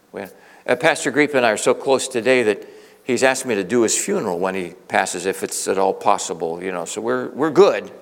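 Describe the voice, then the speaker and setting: A middle-aged man with a lowish, gravelly voice preaches a storytelling sermon, earnest and conversational, often restarting his sentences. The recording carries the long reverb of a large hall.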